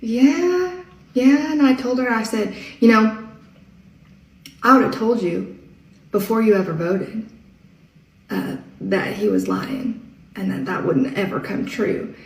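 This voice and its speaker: Chatty woman with a gravelly voice in an echoey room. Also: medium pitch, unhurried, long pauses. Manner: chatty, animated, laughing at her own story. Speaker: storyteller in an online clip. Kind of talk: casual storytelling to camera. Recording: echoey room, mic at a distance.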